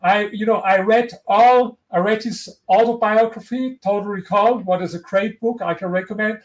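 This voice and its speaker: High-voiced man with German accent. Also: fairly even intonation, moderate pace, rough recording. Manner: earnest, motivational, frequent restarts. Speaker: interview guest, author. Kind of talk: conversational interview.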